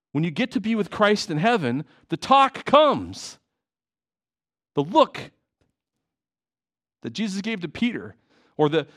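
Impassioned man preaching a sermon. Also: on the high side. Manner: impassioned, emotional preaching with restarts. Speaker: pastor. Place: church hall.

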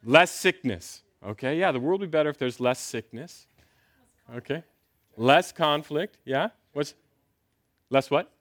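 A middle-aged male pastor preaching with a lively, swooping delivery that rises and falls a lot. He talks playfully and keeps tossing questions back at the congregation. His voice sits a little high for a man. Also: unhurried, pauses often, dry recording. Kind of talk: sermon.

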